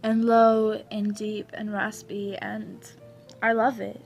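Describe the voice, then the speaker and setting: A tender young man reassuring his partner, voiced by a woman reading a fan story. The voice sits at a middle pitch and stays soft and warm-hearted. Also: little pitch movement, slow pace, soft background music. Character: gentle, affectionate young man.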